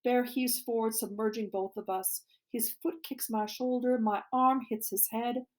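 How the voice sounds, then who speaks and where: Woman reading a story out loud, a bit high voiced, dramatic, goes hushed at the tense bits. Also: measured pace. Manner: expressive, dramatic, drops to a hushed voice for tense moments. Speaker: teacher reading a novel aloud. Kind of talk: reading a novel aloud.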